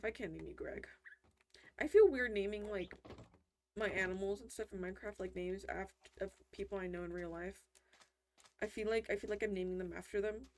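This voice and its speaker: Over slight background noise, a gaming commentator with a mid-range voice rambles casually while she plays, chatty and often interrupting herself mid-sentence.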